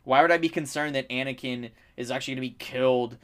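A man's voice: mid-range voice, fairly even intonation, fast, clean tone. A man in casual conversation about a film, rambling with many fillers, swearing and acting out lines from scenes. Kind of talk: casual movie discussion chat.

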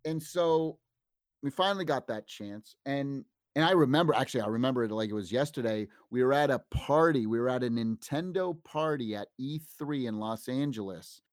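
A man in his fifties, a sound designer being interviewed, telling animated stories and acting out what others said. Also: mid-range voice, normal speed, dry recording, clean studio sound. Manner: animated anecdotes, acts out quoted dialogue. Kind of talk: casual interview storytelling.

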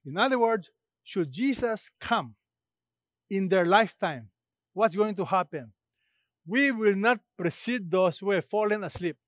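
Male preacher, high pitch, dry, no room, emphatic sermon with rhetorical questions. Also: expressive, a little slow, a bit bright, no echo.

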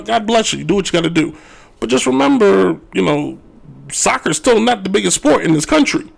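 A man hosting a sports talk radio show, ranting his opinions in an animated, joking way. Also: on the high side, vocal fry.

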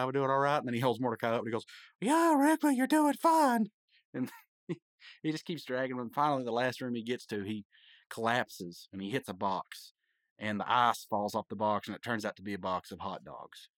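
A man hosting a podcast, casually recapping a cartoon episode, rambling with frequent laughs and quick acted-out lines. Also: on the low side, a bit bright, dry recording.

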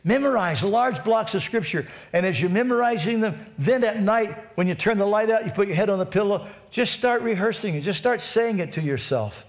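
A male pastor preaching a sermon with fervent energy, dropping to a hush and then rising to shouts. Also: high voice, lively intonation, brisk, few pauses.

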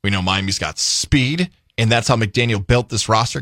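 A man's voice: on the low side, moderate pace, fairly bright tone, no room sound. Jokey male sports radio co-host. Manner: playful, jokey, analytic about games. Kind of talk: casual sports radio chat. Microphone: studio microphone.

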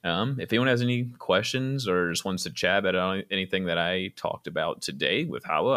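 A man with a very deep voice, a podcast guest talking in a relaxed, easygoing way with a few fillers. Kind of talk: casual podcast chat.

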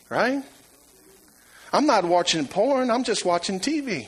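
A man preaching a sermon, emphatic and repetitive, swinging from loud to hushed. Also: high-pitched, big pitch swings, a little slow, long pauses, husky, poor audio.

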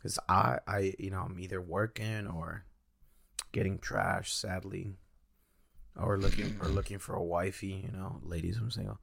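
A young man co-hosting a podcast in casual chat, hoarse and raspy from yelling, laid-back and joking. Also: low-pitched, fairly even intonation, normal speed, no echo. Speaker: podcast co-host.

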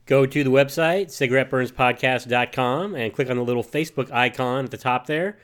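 A man's voice: medium pitch, a little fast, clear, resonant tone. A man co-hosting a podcast, talking casually and joking as he explains plans to listeners. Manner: joking, conversational. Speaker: podcast co-host.

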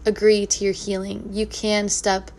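A woman speaking in an earnest, reflective monologue about healing, repeating gentle affirmations. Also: mid-range voice, completely flat delivery, unhurried, slight background noise. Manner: soft, earnest, repetitive affirmations. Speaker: spiritual speaker.

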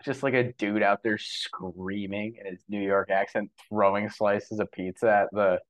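A man's voice: fairly low pitch, measured pace, poor audio. A young man co-hosting a podcast, talking in casual, opinionated commentary with many fillers. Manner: animated, opinionated, lots of fillers. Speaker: podcast co-host.

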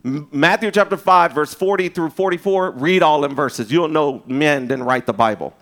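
Preaching at a normal pace in a fairly high-pitched voice, a male pastor keeps his sermon conversational and loose. He restarts, wanders into asides, and moves from loud emphasis down to a hush.

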